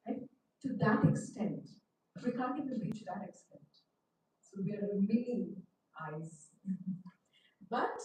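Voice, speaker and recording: A woman's voice: mid-range voice, a little slow, mellow, slight background noise. A woman giving a scripture class, telling a story and often asking the listeners questions. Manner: storytelling, asks the audience questions. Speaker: class speaker. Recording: echoey hall, mic far off.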